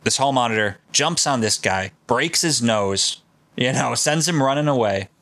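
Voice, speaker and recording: A man hosts a podcast and tells a story in loose, profane, excited chat. His voice sits in the middle range. The sound is dry and close, with no room echo. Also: medium pitch, normal speed. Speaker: podcast host.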